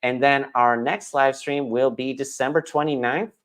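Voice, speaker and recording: A man's voice: mid-range voice, fairly even intonation, moderate pace. A man teaching a live-streamed English lesson, chatty and thinking aloud as he explains pronunciation.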